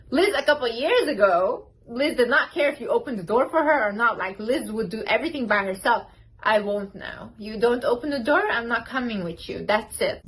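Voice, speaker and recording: A woman's voice: on the high side, fairly bright tone, breathy edge, low-quality recording. A woman vlogger giving self-confidence advice in a casual, emphatic way, blunt and repeating words for stress. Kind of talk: casual direct-to-camera advice.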